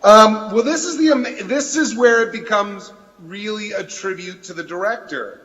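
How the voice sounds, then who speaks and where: A man's voice: high-pitched, normal speed, pushed and bright, highs cut off. A man, a voice actor, answering audience questions on a convention panel in a joking, playful way. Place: large convention hall stage. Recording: convention hall reverb.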